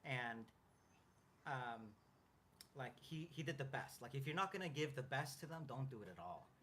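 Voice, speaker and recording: A man in his thirties in casual chat as co-host, earnest and halting, with many restarts and fillers. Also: mid-range voice, expressive, sharp tone, a little hiss or hum.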